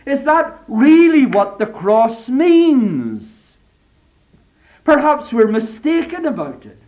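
A man preaching a sermon, moving from emphatic declarations to hushed whispers, using old-fashioned scriptural phrasing. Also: very high-pitched, very animated, slow pace. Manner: dramatic swings from loud to whispered.

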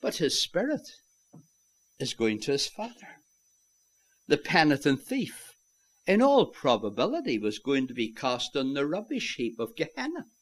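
A man preaching a sermon, swinging from loud declarations to hushed, near-whispered lines and calling his listeners "my friends". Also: medium pitch, huge pitch swings, normal speed.

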